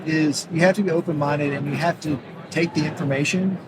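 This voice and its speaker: A man's voice: fairly high pitch, steady tone, brisk. An earnest middle-aged man with a slightly raised voice explains his views through everyday analogies. He speaks at a convention, with a noisy floor around him. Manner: earnest, uses homespun analogies. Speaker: orthodontist guest. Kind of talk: conversational interview answers. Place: busy exhibit hall floor.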